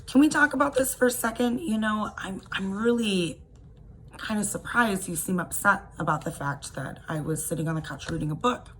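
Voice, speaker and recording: A woman voicing a confused spouse who gently and hesitantly tries to smooth things over. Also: medium pitch, moderate pace, slight background noise, lightly acted, low-quality recording. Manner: hesitant and conciliatory.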